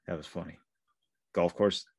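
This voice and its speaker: A man co-hosting a casual podcast, telling profane, animated stories from his youth. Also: low-pitched, normal speed, no room sound. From Pittsburgh area. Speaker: podcast co-host. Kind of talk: casual storytelling chat.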